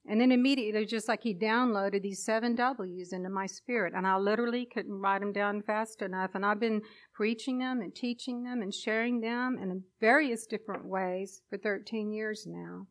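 A woman's voice: mid-range voice, fairly even intonation, normal speed, few pauses. A woman preaching a sermon and sharing a personal testimony, with an emotional, emphatic delivery.

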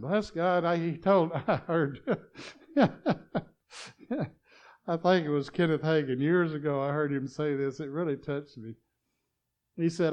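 A man preaching a sermon, swinging between loud exclamations and quiet, chuckling asides. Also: mid-range voice, steady tone, unhurried, long pauses, dull audio.

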